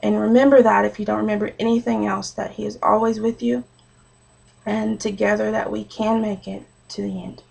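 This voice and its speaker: Young woman, gravelly edge, personal-story sermon, earnest and chatty. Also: mid-range voice, little pitch movement, moderate pace, a little mellow, rough recording. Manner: earnest, conversational with frequent fillers. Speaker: speaker giving a short sermon.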